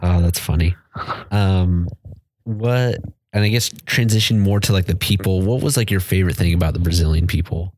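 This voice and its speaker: A man hosting a casual interview, asking relaxed open questions and giving short acknowledgements. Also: sits low, normal speed, no room sound. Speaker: interview host.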